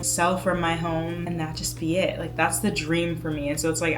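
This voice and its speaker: A woman crochet artist chatting casually to her camera in a vlog, bubbly and quick to laugh. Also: lowish voice, poor audio. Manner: chatty and bubbly, laughs often, says "y'all".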